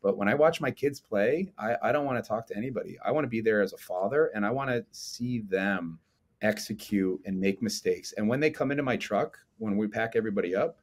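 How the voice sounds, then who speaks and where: A man in his forties with a fairly low voice speaks as a guest on a podcast. He talks in long, animated runs and often checks in with tag questions. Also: a little fast. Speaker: strength coach and lecturer, podcast guest. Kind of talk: casual conversational interview.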